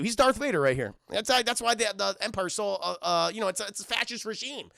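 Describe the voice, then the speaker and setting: A man streaming a crude, excitable film review, talking to his chat and laughing often. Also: high-pitched, quick pace, creaky, no room sound, studio quality, faint music behind. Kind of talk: casual livestream commentary.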